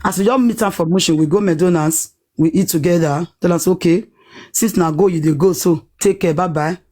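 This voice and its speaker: A woman with a Nigerian Pidgin accent telling a personal story in a lively, dramatic way, acting out what people said. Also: lowish voice, brisk. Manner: animated, dramatic retelling with acted-out quotes.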